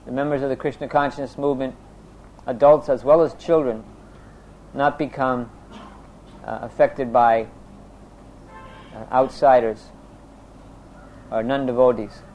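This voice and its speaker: A man teaching a religious class, reading a scripture text steadily, then explaining it with pauses and fillers. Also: fairly even intonation, a little mellow, a little hiss or hum, rough recording. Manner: chants prayers in a low voice.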